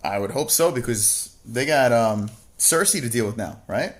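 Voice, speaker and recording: On a livestream, this co-host swears at nearly every turn, reading viewers' messages out and responding on the fly, drifting between mockery and loud, exasperated rants. His voice is animated, at a normal speed and an ordinary male middle pitch.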